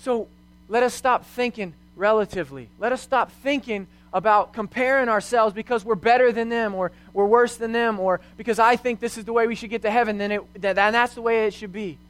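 A young man with a notably high voice delivers a sermon as a youth pastor. He speaks earnestly, weaving personal stories and rhetorical questions into his teaching. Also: fairly even intonation, fairly quick, fairly bright tone, clear, resonant tone.

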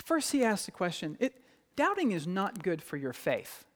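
A man preaching a sermon in a church, animated and acting out quoted voices. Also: sits high, normal speed. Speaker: pastor. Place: church sanctuary. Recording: long hall reverb.

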